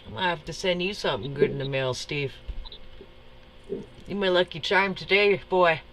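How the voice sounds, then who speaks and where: A woman's voice: lowish voice, normal speed, a bit bright, a little hiss or hum, poor audio. Teary grateful woman. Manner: tearful, grateful, Southern-sounding phrasing. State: choked up. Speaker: livestream guest. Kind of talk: emotional live-stream chat.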